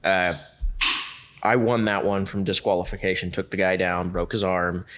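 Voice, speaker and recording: A man telling a story as a podcast guest, lively and acting out the other people in it. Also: low voice, normal speed, noisy background. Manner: lively, acts out the other people in his stories. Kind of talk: casual storytelling.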